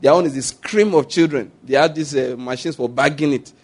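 A man's voice: medium pitch, fairly quick, darkish tone, slightly rough. A middle-aged Nigerian-accented man preaching a sermon as a pastor, telling stories with animation, acting out scenes and repeating his points.

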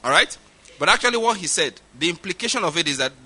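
A middle-aged Nigerian-accented man preaching with a raised, ringing voice. His tone is sharp and bright, and he drives his points home by repeating them. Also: high voice, animated, fast, breathy edge. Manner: emphatic, repeats points for stress. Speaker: pastor. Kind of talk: sermon.

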